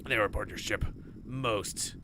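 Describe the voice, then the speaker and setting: A man doing a slow, haughty alien lizard captain. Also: lowish voice, noisy background, pitched below the performer's own voice, close to an everyday voice.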